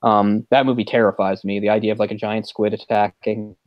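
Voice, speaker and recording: A man hosting a podcast, chatting casually about movies in a rambling, animated way with quick laughs. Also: fairly low pitch, no room sound, dull audio. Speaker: podcast host.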